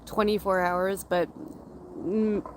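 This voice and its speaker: A woman in her thirties from Canada, casually chatting with her livestream viewers in a slow, rambling way, with a runny nose. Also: mid-range voice, fairly even intonation, background noise. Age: 30s. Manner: slow, rambling and chatty, with frequent fillers and laughs. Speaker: livestream host. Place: outdoors in a forest area.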